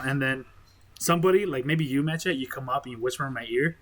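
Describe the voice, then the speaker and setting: A young man in casual podcast chat, joking and laughing often as he pitches a best man speech. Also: quick pace, a bit bright.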